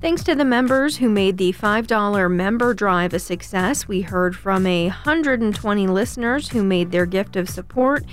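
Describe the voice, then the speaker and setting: A woman reading radio station announcements, traffic and weather in a clear, measured way. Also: medium pitch, animated, soft background music.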